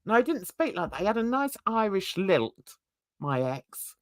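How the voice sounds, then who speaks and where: An older woman from England hosting a casual livestream chat, laughing a lot and jumping into excited high squeals. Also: normal speed, no echo, clean studio sound. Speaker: host. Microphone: video call.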